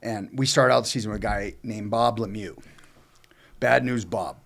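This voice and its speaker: A man's voice: lowish voice, fairly even intonation, normal speed, creaky, a bit bright. A man telling a long personal story in casual chat, rambling and profane, with many fillers and restarts. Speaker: co-host telling his own story.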